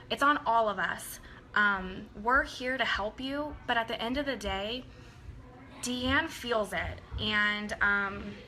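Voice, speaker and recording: A woman's voice: mid-range voice, sharp tone, a little hiss or hum, rough recording. A woman talking casually and earnestly to her sales team, rambling with lots of ums. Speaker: team leader addressing her downline.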